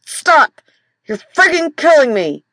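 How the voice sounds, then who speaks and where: A woman's voice: high voice, very animated, moderate pace, dry recording, studio quality, pitched above the performer's own voice. A woman narrator voicing an impatient adult man who is hurt and snaps through gritted teeth. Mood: pained, irritable.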